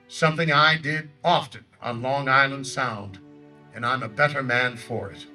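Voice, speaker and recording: A blustering older Theodore Roosevelt, played by a male reenactor booms out a declamatory stump speech in a high, sharply bright voice. He orates outdoors in a lakeside park, caught by a distant microphone, with faint music drifting behind him. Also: heavily acted. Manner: booming, declamatory oratory. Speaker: historical reenactor.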